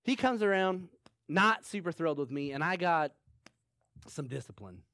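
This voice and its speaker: Man preaching, conversational and repetitive, fairly high voice, dry close sound. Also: animated, moderate pace, fairly bright tone, no room sound. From small town. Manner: conversational, laughs often, repeats phrases for emphasis. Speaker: pastor. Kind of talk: sermon with personal story.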